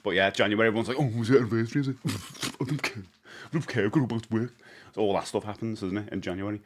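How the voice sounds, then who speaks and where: A British man in his forties talks casually on his live stream, rambling with lots of fillers and quick greetings to viewers. His voice sits on the low side.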